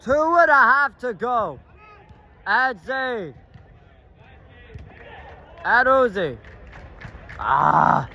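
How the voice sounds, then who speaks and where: A man giving excited amateur play-by-play from the sideline of an outdoor stadium field, shouting at big plays and calling out to players and the referee. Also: extremely high pitch, drawn-out words, gravelly, pauses often. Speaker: sideline commentator filming the match.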